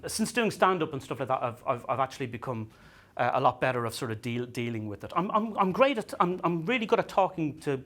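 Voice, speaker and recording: Bright, lively Irish stand-up comedian man. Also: medium pitch. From Ireland. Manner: halting, stammers and repeats words while telling self-mocking stories. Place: comedy venue stage.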